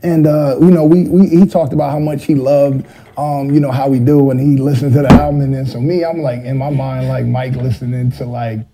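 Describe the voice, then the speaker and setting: A man's voice: medium pitch, fairly even intonation, a little fast, vocal fry, warm tone, a little hiss or hum, rough recording. A middle-aged man, a rapper, casually telling a rambling story full of fillers, now and then mimicking other voices.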